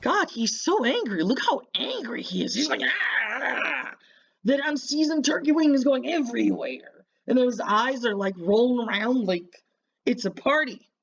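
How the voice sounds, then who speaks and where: A woman's voice: fairly high pitch, expressive, moderate pace, vocal fry, husky, muffled recording. A woman hosting a reaction video, mocking and insulting the person on screen with sarcastic commentary.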